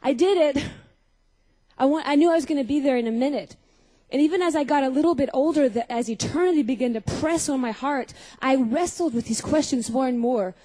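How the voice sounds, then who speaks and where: Young woman, high voice, mellow tone, testimony sermon, storytelling, asks the crowd questions. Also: fast, rough recording. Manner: storytelling, questioning the audience, acting out scenes. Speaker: speaker at a Christian youth gathering.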